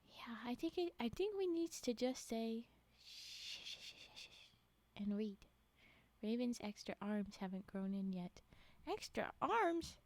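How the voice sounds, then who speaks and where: A woman's voice: fairly high pitch, sing-song, a little slow, darkish tone, no room sound. A young woman streamer chatting with her live chat, giggling and sleepy, reacting in exasperated disbelief. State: yawning, sleepy. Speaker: streamer reading stories to chat.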